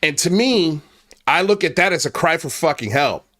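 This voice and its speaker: Animated and a bit bright, this man's fairly high voice moves at a normal speed as he rants on his online commentary channel. He's angry and profane, restarting and repeating himself as his temper rises.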